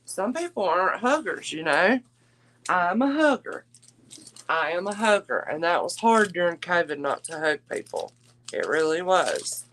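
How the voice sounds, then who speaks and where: A woman's voice: lowish voice, big pitch swings, unhurried, a little hiss or hum. A woman hosting a live-stream jewelry auction, chatting with viewers and calling them darling. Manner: chatty, warm endearments to viewers.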